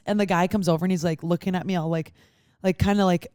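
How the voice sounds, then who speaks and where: Young woman, podcast host, lively storyteller, dry close mic. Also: lowish voice, fast, no echo. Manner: animated storyteller, acts out other people's lines. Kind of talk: casual chat.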